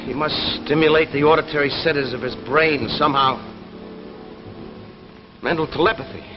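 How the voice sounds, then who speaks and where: A man's voice: on the high side, steady tone, normal speed, lightly acted. An actor in a 1950s TV drama, playing an earnest man who thinks aloud as he reasons out a mystery. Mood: musing. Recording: dull old 1950s TV soundtrack. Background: music.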